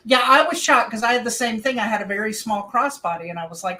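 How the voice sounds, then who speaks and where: A woman's voice: mid-range voice, steady tone, brisk, hardly any pauses, bright, forceful tone, low-quality recording. A woman co-hosting a casual live chat, talking in a chatty way and quoting people as she tells a story. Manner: apologetic, chatty, quotes others. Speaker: co-host.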